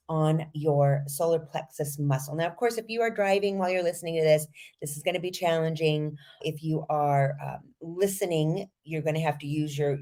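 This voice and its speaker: A woman voice coach leading a podcast lesson, energetic and guiding listeners step by step through breathing exercises. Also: sits low.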